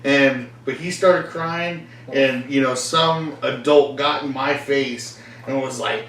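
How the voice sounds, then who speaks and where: A young podcast host with a mid-range, slightly bright voice speaks unhurriedly in casual chat. He rambles, laughs frequently, and acts out voices of people in his stories. The recording is echoey, made from far off, with faint noise.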